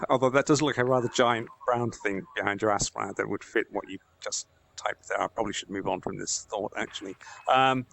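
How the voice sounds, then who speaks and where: Breathless, excitable gamer man. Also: medium pitch, creaky, a little hiss or hum. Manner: excitable, swears and laughs often. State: breathless and overexcited. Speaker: gamer playing a space game. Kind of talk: live gameplay commentary. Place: at home wearing a VR headset.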